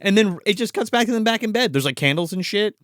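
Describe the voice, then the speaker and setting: A man with a high, smooth voice recaps a movie in loose, profane chat. He slips into quick voices to act out scenes. The sound is dry and close. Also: animated, a bit bright, dry recording. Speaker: podcast co-host. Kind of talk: casual movie review chat.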